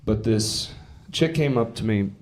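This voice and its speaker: Speaking in a lowish, unhurried voice, a man works a comedy club stage with a foul-mouthed, brash set. He tells stories and performs the quotes of the people involved, while a live crowd laughs in the background.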